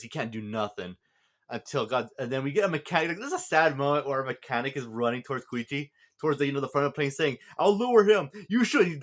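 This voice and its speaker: A man's voice: medium pitch, fairly bright tone. A man talking through a film's plot in a casual, rambling review, with lots of fillers and restarts and the odd chuckle. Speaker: movie reviewer. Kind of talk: casual spoken movie review.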